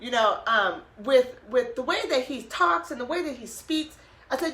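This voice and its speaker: Lively, bright-voiced woman telling a story. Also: high-pitched, moderate pace, roomy sound. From Oregon, USA. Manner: animated, laughing, acts out both sides of the talk. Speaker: podcast co-host. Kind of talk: casual storytelling to listeners.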